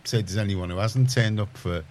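A Liverpool man with a very low voice hosts a community radio show. He chats in a rambling way, often restarting his sentences. A faint hiss sits under the studio sound. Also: fairly quick, darkish tone. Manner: chatty, rambling, self-correcting. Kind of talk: casual radio chat.

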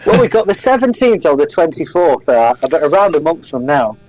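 A man's voice: fairly high pitch, very animated, brisk, darkish tone, slight background noise, rough recording. A man, chatting and laughing as a radio guest. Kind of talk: casual radio chat.

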